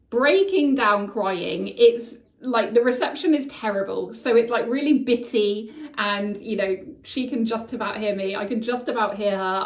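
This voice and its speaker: Candid woman telling her story. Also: mid-range voice. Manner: candid, emotional, swears casually. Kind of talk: personal storytelling monologue. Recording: echoey room, voice somewhat far from mic.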